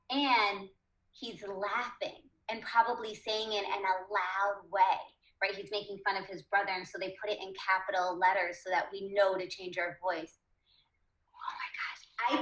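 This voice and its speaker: Woman teacher, reading lesson for kids, slow and encouraging, echoey room. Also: medium pitch, bright, forceful tone. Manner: slow, encouraging, asks the class questions.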